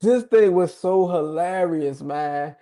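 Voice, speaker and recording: A man's voice: high voice, takes it slowly, mellow, low-quality recording. A man with a Philadelphia accent hosting a casual chat, telling a story in loose street slang and laughing often. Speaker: host.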